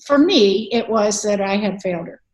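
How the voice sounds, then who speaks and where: A woman's voice: mid-range voice, moderate pace, a little mellow, low-quality recording. Older woman guest, advocate and author; earnest, candid storyteller, fillers throughout. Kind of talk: conversational interview storytelling.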